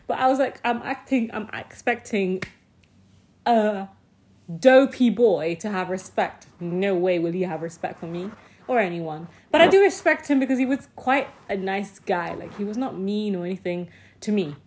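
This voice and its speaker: A woman casually telling a personal story, animated, swearing freely and packing her talk with "like". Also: medium pitch, normal speed. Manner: often laughs mid-sentence.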